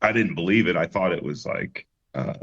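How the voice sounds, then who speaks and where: Deep-voiced man, easygoing. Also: expressive, moderate pace, creaky, a bit bright, highs cut off. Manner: easygoing, rambling, many fillers and restarts. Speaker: musician guest. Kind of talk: relaxed interview chat.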